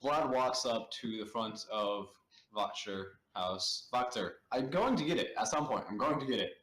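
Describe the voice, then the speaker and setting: A man's voice: mid-range voice, lively intonation, moderate pace, a bit bright. Guy at a tabletop game, stiff and formal in character, jokey otherwise, roomy echo. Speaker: player. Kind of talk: tabletop role-play chat. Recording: echoey room.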